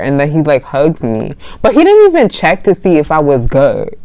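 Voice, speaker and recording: A woman's voice: sits low, sing-song, fairly quick, a little mellow, dry recording. A young woman vlogger casually telling a dating story, chatty and laughing often as she acts out both sides of the conversation.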